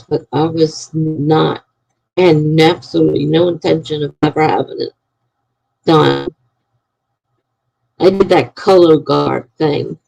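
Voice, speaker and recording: A woman's voice: low-pitched, steady tone, slow pace, vocal fry, long pauses, darkish tone, no room sound, rough recording. A woman chatting casually on a live stream, telling a rambling story to her viewers and sounding tired.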